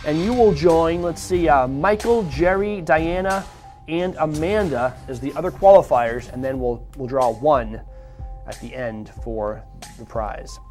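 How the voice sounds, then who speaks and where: A man's voice: on the high side, measured pace, darkish tone, soft background music. A man hosting a live morning show, upbeat and chatty, with rambling asides.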